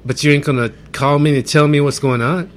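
A man co-hosting a podcast, talking in a casual, unhurried way and venting his frustrations with plenty of fillers. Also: fairly high pitch, steady tone, a little hiss or hum. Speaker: podcast co-host. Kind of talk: casual chat.

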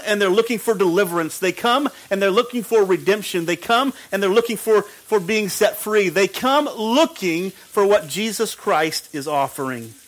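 Male pastor, high-pitched, emphatic repetitive preaching delivery. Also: fairly bright tone, rough recording. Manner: emphatic repetition, frequent restarts. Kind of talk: sermon.

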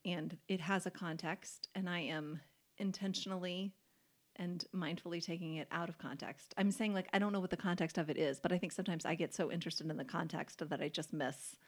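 A woman's voice: fairly low pitch, steady tone, brisk. Woman, podcast co-host, casual faith chat, chatty, laughs easily, leans on key words.

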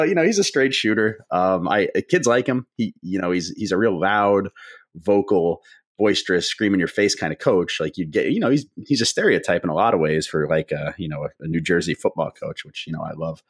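A man co-hosting a sports show over a remote call, talking in an animated, casual way. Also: low-pitched, slightly rough. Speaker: co-host.

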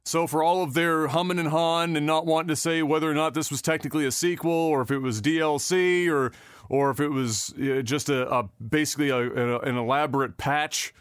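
This podcast host has a slightly high voice with fairly even intonation and speaks a little fast. Covering gaming news in a sarcastic, offhand way, he swears a lot and stumbles through many fillers and restarts. The studio sound is clean, with a clear tone and no room ambience.

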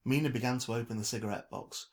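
In a steady, measured storytelling manner, a male narrator with a mid-range voice reads a novel aloud for an audiobook.

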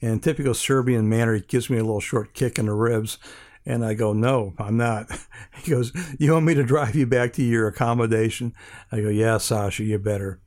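A man's voice: mid-range voice, steady tone, fairly quick, darkish tone. An older man from Hawaii, an interview guest telling a rambling anecdote with many restarts and fillers, acting out the other people's lines as he goes.

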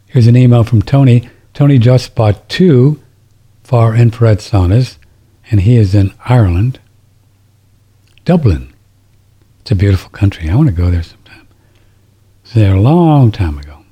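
Middle-aged male radio host, low husky voice, rambling and riled up, restarts a lot. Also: lively intonation, measured pace, long pauses, dark tone. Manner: rambling, indignant, restarts sentences. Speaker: radio talk show host. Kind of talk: casual talk radio monologue.

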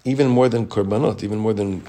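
Low-voiced rabbi teaching a class. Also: male voice. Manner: reads Hebrew text fast, then explains it in relaxed English; chatty, with frequent restarts. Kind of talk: Torah class, explaining a text.

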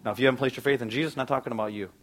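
A male pastor preaching in a conversational way, his pitch sitting in the middle of the range for a man. He speaks from the pulpit of a church and drops into quoted voices to act out his stories. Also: fairly even intonation, rapid-fire. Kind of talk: sermon.

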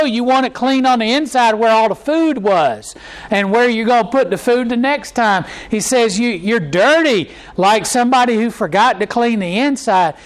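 A man's voice: sits high, rough recording. A pastor preaching a conversational sermon to his church, with many fillers and restarts and mocking impressions.

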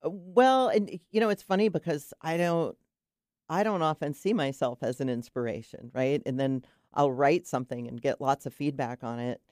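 A woman's voice: low-pitched, moderate pace, a little mellow, no echo, studio quality. A middle-aged woman, a guest on a radio show, chatting casually and telling stories with many restarts and trailing sentences. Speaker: guest, cold-water swimmer.

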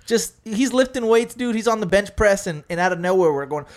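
A man hosting a podcast in casual banter, loud and joking with lots of swearing. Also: high-pitched, lively intonation, brisk. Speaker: podcast host.

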